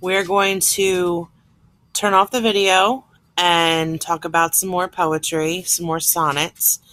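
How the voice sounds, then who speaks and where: A woman's voice: on the low side, fairly even intonation, slow, fairly bright tone, no echo. A woman teacher explaining a lesson plainly, step by step, recorded on a computer mic. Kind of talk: classroom lesson recorded on screen.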